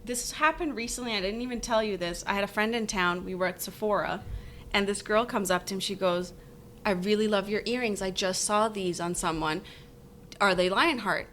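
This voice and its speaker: A woman from Denmark, co-founder of a jewelry brand, telling lively stories in an interview, laughing often and acting out quoted voices. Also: mid-range voice, normal speed, a little hiss or hum. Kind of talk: conversational interview.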